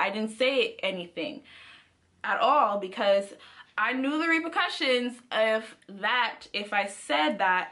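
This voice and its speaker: High, bright young woman vlogger. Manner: animated, chatty, speaks straight to viewers. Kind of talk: casual storytime.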